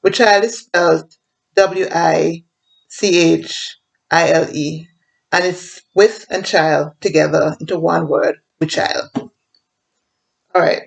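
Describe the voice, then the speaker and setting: A woman with an Antiguan accent who reads her poems in a rhythmic way, then explains the dialect words in a plain, unhurried voice with pauses. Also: low voice, steady tone, creaky, low-quality recording. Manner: rhythmic when reading, plain and explanatory with filler pauses between. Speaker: poet and writer.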